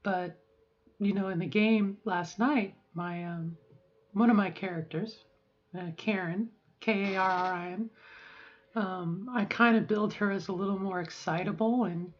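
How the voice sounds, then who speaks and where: A woman's voice: medium pitch, steady tone, measured pace. Frank middle-aged woman, dull lo-fi sound. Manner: rambling, emotional and frank, with swearing. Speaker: vlogger. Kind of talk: candid personal video diary.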